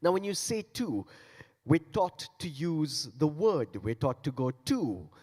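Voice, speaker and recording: Playful beatboxer in an echoing hall. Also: male voice, a little high, big pitch swings, unhurried, warm tone. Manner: playful, coaxing the audience to join in. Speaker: beatboxer giving a talk. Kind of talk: interactive stage talk and demonstration. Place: large conference hall. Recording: long hall reverb.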